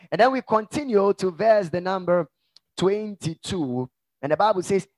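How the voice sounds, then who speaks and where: A middle-aged male pastor preaching a sermon with emphatic swings from hushed asides to shouts, in a gravelly voice. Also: high-pitched, lively intonation, moderate pace, no room sound.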